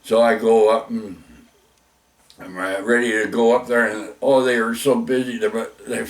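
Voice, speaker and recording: A man's voice: medium pitch, level tone, normal speed, distant mic. A man telling rambling personal stories, full of restarts, mild swearing and "eh?" tags.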